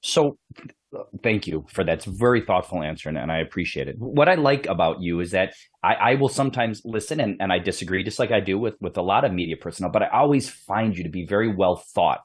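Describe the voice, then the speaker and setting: A man hosts a podcast interview and tells a story in an animated, conversational way, repeating words as he goes. His voice is low and husky, and his pitch moves around a lot. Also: fast. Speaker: podcast host, police background.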